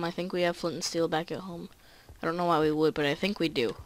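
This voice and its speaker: A let's play gamer chatting casually and excitably through each move of the game. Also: medium pitch, fast talker, hardly any pauses, a little hiss or hum. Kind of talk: casual gameplay commentary.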